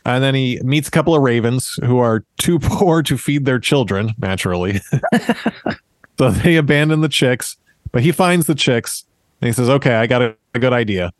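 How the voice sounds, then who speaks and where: A man's voice: mid-range voice, expressive, normal speed, dry recording. Laid-back man retelling a fairy tale. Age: 30s. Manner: retells a fairy tale with jokey asides and laughs. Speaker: podcast host. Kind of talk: casual storytelling chat.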